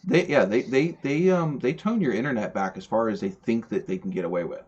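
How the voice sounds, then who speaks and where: A man's voice: mid-range voice, brisk, a little mellow, husky. A man hosting a casual podcast livestream, rambling and stumbling over repeated words. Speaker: podcast host. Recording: dull lo-fi stream audio.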